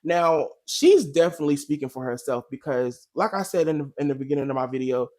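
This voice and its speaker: A man's voice: fairly high pitch, expressive, a little fast, darkish tone. A man hosting a casual reaction video, talking in a chatty, slangy, emphatic way. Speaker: commentary video host.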